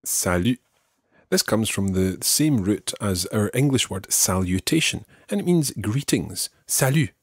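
Male podcast teacher, patient and methodical, lively intonation, dry close mic. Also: on the low side, a little slow, slightly rough, no echo. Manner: patient, explains step by step and models pronunciation. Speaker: language teacher. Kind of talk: podcast language lesson.

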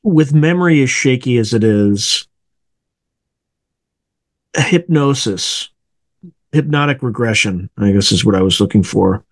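Man, interview host, average pitch, thoughtful, searching for words. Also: expressive, unhurried, long pauses, no echo. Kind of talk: interview questions.

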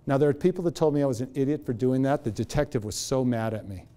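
A man's voice: mid-range voice, fast talker, few pauses. A man in his fifties giving a live motivational talk, telling stories with energy and quizzing the audience. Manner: animated storytelling, quizzing the audience. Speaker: motivational speaker.

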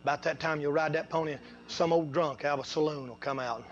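A man preaching a sermon, telling folksy stories and swinging between low, quiet asides and loud, drawn-out preaching. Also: fairly even intonation, highs cut off. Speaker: pastor.

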